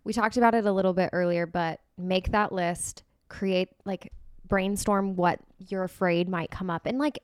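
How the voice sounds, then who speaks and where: A woman's voice: mid-range voice, steady tone, moderate pace, smooth, no room sound, clean studio sound. A woman co-hosting a wedding-planning podcast in casual chat, giving earnest, emphatic advice. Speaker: podcast co-host.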